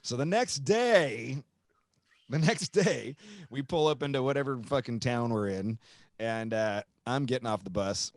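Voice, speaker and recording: A man in the middle of a road story, swearing freely and jumping between his own voice and lively voices for the people he quotes. His pitch sits in an ordinary middle range. The sound is close and dry, with no room around it. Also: a little slow, no room sound. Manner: profane, animated, acts out quoted voices. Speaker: podcast host and guitarist. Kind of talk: casual storytelling.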